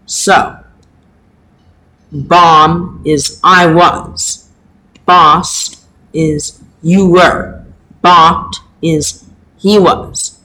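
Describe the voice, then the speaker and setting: A man teaching a Latin lesson, speaking haltingly with many pauses and fillers. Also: on the high side, fairly even intonation, pushed and bright, rough recording. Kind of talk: slow home-made lesson.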